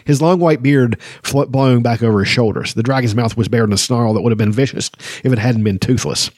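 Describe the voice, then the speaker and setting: A man's voice: medium pitch, fairly quick, darkish tone, dry recording. Guy reading fantasy book aloud and chatting about it, lots of ums, dry close sound. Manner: rambling, chatty, reads passages aloud with frequent ums. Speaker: book discussion podcast host. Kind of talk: casual book reading and commentary.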